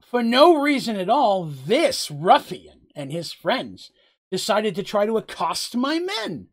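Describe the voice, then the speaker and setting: A game master playing a haughty, smoothly polite human prince in a tabletop game. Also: medium pitch, big pitch swings, takes it slowly, pitched above the performer's own voice, full character voice. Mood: smugly courteous. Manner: courtly, gracious, smugly polite.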